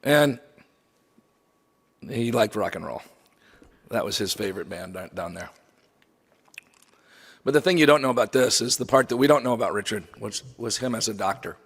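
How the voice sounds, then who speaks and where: Gravelly-voiced man lecturing in a hall. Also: fairly low pitch, normal speed, long pauses, a bit bright. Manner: conversational, wry asides. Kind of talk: memorial lecture with slides. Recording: long hall reverb.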